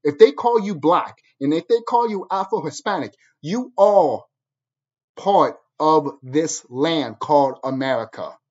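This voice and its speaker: A man's voice: fairly high pitch, animated, a little slow, lo-fi sound. A man vlogging in an angry, profane monologue, repeating phrases over and over as he drives his point home. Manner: angry, repetitive, hammering the same phrases.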